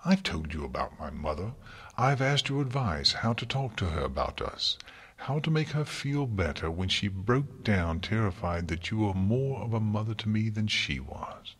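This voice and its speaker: A man's voice: on the low side, animated, normal speed, fairly bright tone, slightly rough. A man voicing a furious, defiant young mare. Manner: snarling, cold, furious. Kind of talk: audiobook character reading.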